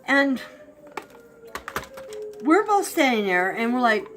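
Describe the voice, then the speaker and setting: Woman, higher voice, lively storyteller, ghost tale, faint music behind. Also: measured pace, pauses often. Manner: animated, acts out barks and shouts. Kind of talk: casual spoken ghost story.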